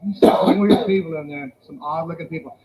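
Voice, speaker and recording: A male stand-up comedian telling animated stories and slipping into put-on voices. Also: a little high, a little fast, heavy background noise.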